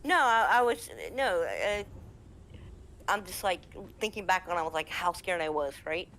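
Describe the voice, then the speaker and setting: A woman from the American Midwest, a game server admin, telling a lively story in casual chat and acting out the quotes. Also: lowish voice, moderate pace. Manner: lively, laughing, acts out quotes.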